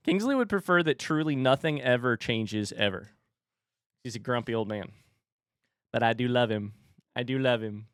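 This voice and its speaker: A man's voice: mid-range voice, lively intonation, normal speed, long pauses, a bit bright, dry recording, studio quality. A man chatting casually on a livestream, rambling and reading viewer messages aloud.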